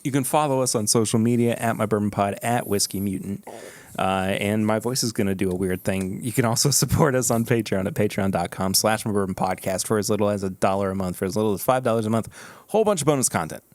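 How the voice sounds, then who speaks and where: Upbeat low-voiced man hosting a podcast. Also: a little mellow, no room sound. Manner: upbeat, laughs often, reads plugs quickly. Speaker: podcast host. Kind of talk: casual podcast chat.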